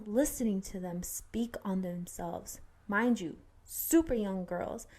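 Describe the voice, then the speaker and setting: A young woman co-hosting a podcast in easy, casual chat. She tells a personal story candidly, with plenty of fillers and restarts along the way. Her voice sits at an ordinary middle pitch. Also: mellow. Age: young adult. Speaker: podcast co-host.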